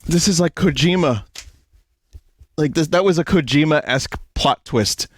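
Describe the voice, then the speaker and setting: A man streaming live, reading text aloud in a slow, amused deadpan with laughing asides, on a close desk mic at home. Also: a little high, dry recording.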